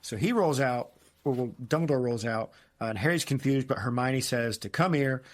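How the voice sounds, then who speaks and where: Man, podcast co-host, casual chat, mid-pitched voice, animated retelling with quick character impressions. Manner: animated, acts out quoted characters in silly voices. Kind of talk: casual book discussion.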